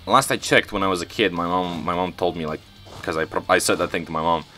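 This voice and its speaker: Deep-voiced man rambling through a story. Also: fairly even intonation, fast talker, bright, forceful tone, faint music behind. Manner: rambling, self-correcting, frequent restarts. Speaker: strategy game let's-play host. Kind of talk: casual storytelling over gameplay.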